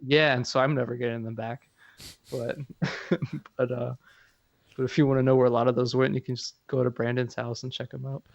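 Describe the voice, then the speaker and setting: A man talking casually as a podcast guest, easygoing and quick to react. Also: medium pitch, little pitch movement, vocal fry, no echo, dull audio. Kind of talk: casual chat.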